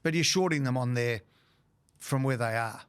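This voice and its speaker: A man's voice: mid-range voice, smooth. Australian man hosting football talk radio. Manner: brisk, leads the segment. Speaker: radio host. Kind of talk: casual sports radio banter.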